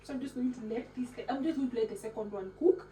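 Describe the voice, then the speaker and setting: Hosting a casual cooking vlog, a fast-talking woman keeps things chatty and playful, her voice fairly high as she mixes words into her English. The far-off mic gives a roomy, echoey sound with noticeable background noise.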